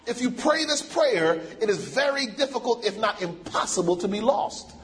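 A man's voice: very high voice, lively intonation, normal speed, fairly bright tone, a little hiss or hum. A man preaching a sermon, emphatic and repetitive, drawing call-and-response from the congregation.

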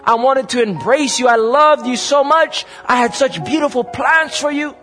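A heartbroken God pleads with his lost children in a high, raised, imploring voice, as a preacher puts him on in his sermon. The tone is tearful and aching. Soft music plays faintly behind. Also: normal speed, big-room sound. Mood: pleading. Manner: tearful, imploring, rising intensity. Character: pleading grief-stricken God speaking to the lost.

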